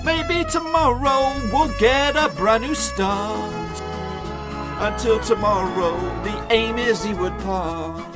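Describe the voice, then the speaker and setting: A man singing a slow, drawn-out intro song in a high voice. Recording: loud music under the voice.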